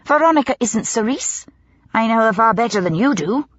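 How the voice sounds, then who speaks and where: A woman voicing a bold, defiant young woman posing as a lady's maid, speaking quickly and sharply. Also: on the high side, lively intonation, dry recording, dull audio, voice pushed up.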